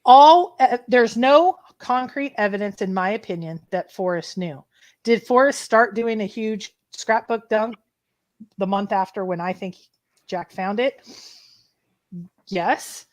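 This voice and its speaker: A woman co-hosting a treasure hunt livestream, retelling events in an emotional, animated way with many restarts. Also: medium pitch, a little slow. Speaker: treasure hunt show co-host. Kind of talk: casual livestream chat, storytelling.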